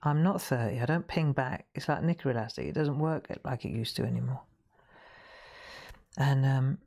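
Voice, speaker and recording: Her voice is very deep and a little mellow, with vocal fry, moving at a moderate pace. She's a woman in her sixties running a live crafting demonstration, chatty and meandering, frequently cutting herself off partway through a sentence.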